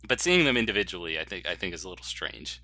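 A man co-hosting a movie podcast with a very bright, forward tone. He talks in a wry, teasing way, and the sound is close and dry with no room around it. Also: deep voice, sing-song, quick pace, no echo. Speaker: podcast co-host. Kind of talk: casual chat.

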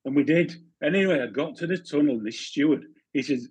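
A fifty-something ex-goalkeeper talks fast with hardly any pauses in a slightly rough, a little high voice, recorded dry. As a podcast guest he shares chatty football anecdotes in a casual storytelling chat, laughing and often restarting his sentences.

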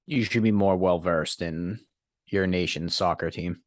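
A man's voice: deep voice, measured pace, no echo. A man co-hosting a casual podcast, dropping short dry sarcastic remarks. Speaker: podcast co-host. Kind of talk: casual chat.

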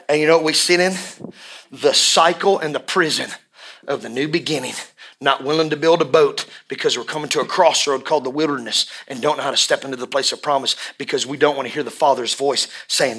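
A man preaching a sermon, with impassioned swings from hushed lines to shouts and drawn-out emphatic repetitions. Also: mid-range voice, breathy edge. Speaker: pastor.

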